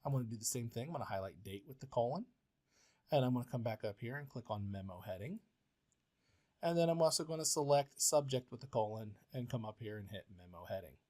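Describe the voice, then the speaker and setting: A man's voice: medium pitch, expressive, fast talker, warm tone. A male professor walking through a word processing tutorial step by step, patient and plain, with frequent filler sounds. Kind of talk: software tutorial walkthrough.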